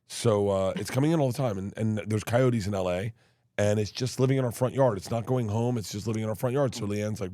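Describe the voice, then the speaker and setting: A comedian talking as a guest in a casual chat, telling stories in a rambling way with many restarts. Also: male voice, on the low side, fast, mellow, no echo, clean studio sound. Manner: rambling storyteller, restarts often.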